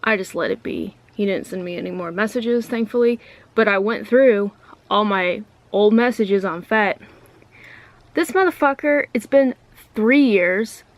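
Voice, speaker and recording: A woman's voice: mid-range voice, measured pace, no room sound. A woman vlogger talking to camera in a casual, ranty way, blunt and full of swearing. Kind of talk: casual ranting vlog.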